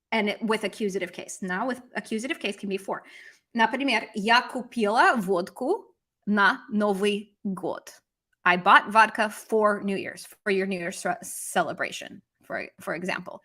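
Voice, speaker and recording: Bright-voiced woman teaching on a live stream. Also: mid-range voice. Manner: lively, switches between English and Russian, chats with viewers. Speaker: language teacher. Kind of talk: live-stream language lesson.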